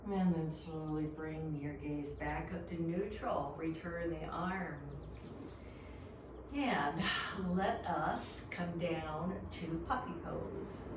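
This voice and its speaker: A woman in her fifties guiding a yoga class with calm, gentle step-by-step cues. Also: low voice, slow, background noise. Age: 50s. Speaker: yoga instructor. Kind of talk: guided yoga class instruction. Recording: echoey room, mic far off.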